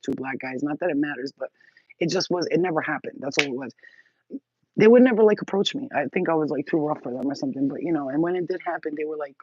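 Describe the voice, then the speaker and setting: A woman in her forties tells stories to her phone camera in a husky, slightly rough voice. She is blunt and crude and breaks into laughter often. The sound is dry and dull, like lo-fi phone audio. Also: low-pitched, no room sound. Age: 40s. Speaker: channel host. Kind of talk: candid storytelling to camera.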